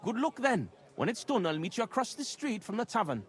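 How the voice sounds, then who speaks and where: An actor voicing a jolly young village ringleader, lively and quick to laugh. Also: male voice, high voice.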